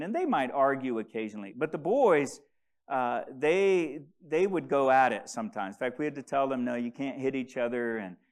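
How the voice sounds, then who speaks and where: A man preaching a sermon as pastor, often repeating and stumbling over words and having the congregation say verses aloud with him. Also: mid-range voice.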